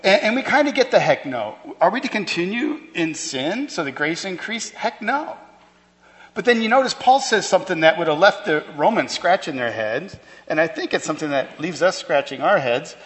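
A man's voice: a little high, sing-song, brisk, fairly bright tone. A pastor preaching a sermon to his church, emphatic and conversational, with rhetorical questions. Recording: long hall reverb.

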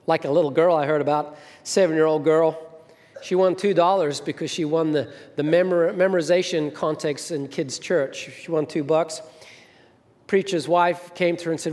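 A man's voice: fairly high pitch, steady tone, moderate pace, darkish tone. A middle-aged man, the senior minister, giving a storytelling sermon and acting out the voices of the people in his stories. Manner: storytelling, acts out quoted voices. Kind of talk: sermon with anecdotes. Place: church hall. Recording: long hall reverb.

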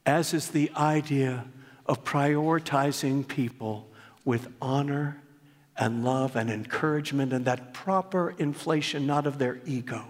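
An older man, a pastor, preaching a sermon in earnest storytelling fashion in a church. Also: medium pitch. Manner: earnest, warmly storytelling, rises when reading aloud. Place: church sanctuary. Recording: long reverb of a church hall.

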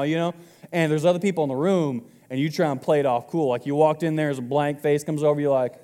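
A man's voice: a little high, quick pace, a little mellow, clean tone, long reverb tail. A man in his twenties preaching a sermon to his congregation in a casual, joking way. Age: 20s. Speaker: pastor.

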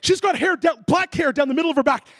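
High raspy-edged guy preaching, funny sound effects, dry mic. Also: quick pace, dry recording. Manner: animated, comic sound effects and voices. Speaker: pastor. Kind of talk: storytelling sermon.

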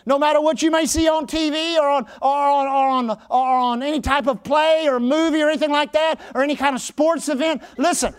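A male pastor preaching an emphatic sermon, often shouting his exhortations. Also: extremely high pitch, fairly even intonation, a little fast, hardly any pauses.

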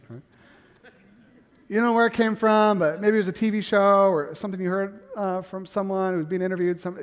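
A middle-aged man preaching a sermon in a church, animated and calling on the congregation to answer him. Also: high voice, big-room sound. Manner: animated, asks the congregation to respond. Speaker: pastor.

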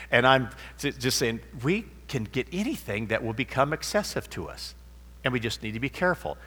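Man, preacher, rambling, anecdotal, bright tone, reverberant church hall. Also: medium pitch, very animated, fairly quick. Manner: rambling, anecdotal, with fillers and restarts. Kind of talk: sermon with a told joke.

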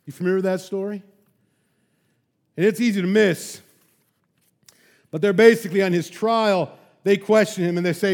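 Man, preaching pastor, high voice, swings between loud bursts and near-whispers, chatty asides. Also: moderate pace, long pauses. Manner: emphatic, animated preaching with sudden loud peaks and soft drops; casual asides and rhetorical questions. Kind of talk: sermon.

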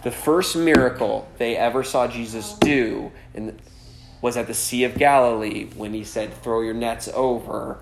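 A man's voice: mid-range voice, normal speed, creaky, reverberant, background noise. A man pastor preaching a sermon in a conversational style, often tossing in "right?" and "like" as asides. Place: church gathering.

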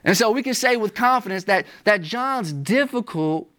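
A pastor preaching a sermon, building emphasis through repeated rhetorical questions and shifts in pitch and volume. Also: animated, moderate pace, fairly bright tone.

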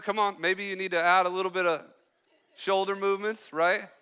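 Upbeat young male student pastor, bright tone. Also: high-pitched, steady tone, smooth, big-room sound. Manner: chatty, joking, quick asides. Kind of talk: sermon. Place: church hall.

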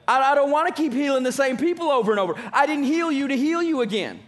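High-voiced emphatic male preacher. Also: animated, fast. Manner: emphatic preaching with repeated phrases. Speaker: pastor. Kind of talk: sermon.

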